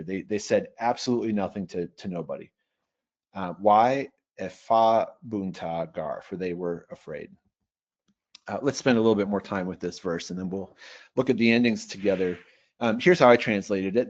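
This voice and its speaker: A man leading an online teaching webinar, reading Greek slowly and working through its grammar aloud in a measured way. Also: lowish voice, darkish tone. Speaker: Bible software trainer. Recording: dull lo-fi webinar audio.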